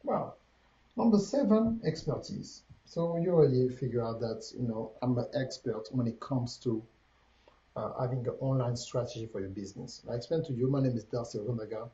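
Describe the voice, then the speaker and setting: A man's voice: medium pitch, fairly quick, warm tone, echoey room, muffled recording. A man with a French accent giving a livestreamed business coaching talk, counting off steps and repeating his key points in a preachy way.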